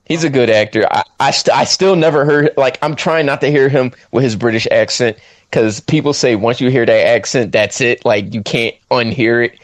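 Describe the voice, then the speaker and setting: A man co-hosting a podcast, chatting casually about a film with slang and quick quoted asides. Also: dry recording. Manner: animated, swoops up high when quoting himself, slangy. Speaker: podcast co-host reviewing a film. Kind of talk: casual chat.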